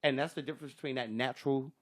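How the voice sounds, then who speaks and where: A man's voice: medium pitch, fairly even intonation, racing, a bit bright. A man, a stand-up comedian, talking in a loose, swearing podcast chat and acting out other comics' voices. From Sacramento area, California.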